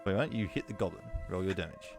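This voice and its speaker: A man narrating as dungeon master in a tabletop game, describing scenes in an unhurried way with frequent ums. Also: deep voice, expressive, music in the background.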